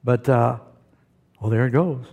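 A man's voice: mid-range voice, unhurried, gravelly, narrow, tinny audio. A male pastor preaching a sermon, asking the congregation questions and calling for amens. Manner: asks the audience questions, calls for amens.

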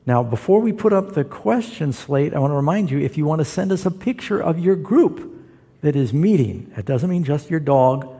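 Pastor with a mellow voice in a echoey hall. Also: male voice, fairly high pitch, expressive, husky. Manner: explanatory, emphatic preaching with pauses. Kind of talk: Bible teaching to a live audience. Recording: long hall reverb.

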